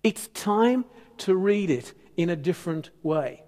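A man preaching a sermon as pastor, emphatic and animated with conversational asides. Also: sits high, measured pace. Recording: long church hall reverb.

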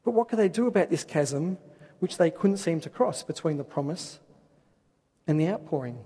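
Guy preaching a sermon, high voice, kinda husky, big hall echo. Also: expressive, normal speed, mellow. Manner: expository, rhetorical questions, reads scripture aloud. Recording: long hall reverb.

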